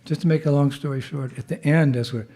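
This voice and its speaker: A monk with a cold giving a humorous, conversational temple talk as guest speaker. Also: male voice, on the high side, fairly even intonation, fast, dark tone. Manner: humorous storyteller, loose and conversational. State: has a cold. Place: temple hall.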